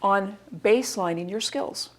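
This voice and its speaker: A woman in her forties giving a recorded course lecture, lively and demonstrative. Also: medium pitch, unhurried. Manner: lively, demonstrative, acts out examples in varied voices. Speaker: instructor.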